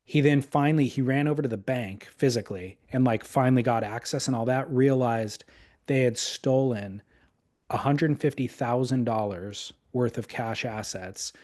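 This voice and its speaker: A man's voice: medium pitch, moderate pace, a little mellow. A man co-hosting a podcast, telling a story in casual chat with fillers. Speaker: podcast co-host.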